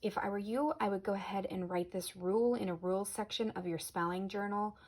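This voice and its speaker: A woman teacher giving a recorded spelling lesson to children, patient and clear, slowing down on example words. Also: mid-range voice, fairly even intonation, darkish tone.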